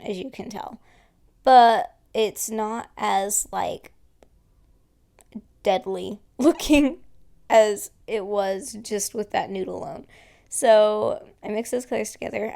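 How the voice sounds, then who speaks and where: A woman's voice: mid-range voice, takes it slowly, gravelly, mellow. A woman who has just woken up, narrating her nail art video in a rambling, casual voice-over full of fillers. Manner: rambling, filler-heavy, self-correcting. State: just woke up, yawning.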